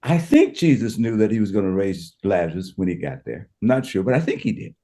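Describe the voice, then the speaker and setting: A man's voice: fairly low pitch, sing-song, brisk, warm tone. A man speaking as a pastor and podcast guest, telling a scripture story with emphatic, preacher-style passion and repeated words as he builds each point.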